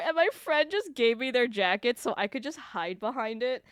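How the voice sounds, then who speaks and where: A woman streamer tells stories to her chat, laughing often and swearing freely. Her voice sits a little high and swoops up and down with a lot of expression. The sound is close and dry, with no room echo. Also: normal speed, smooth. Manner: animated storytelling with frequent laughs and swearing. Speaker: live streamer. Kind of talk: casual chat to stream viewers.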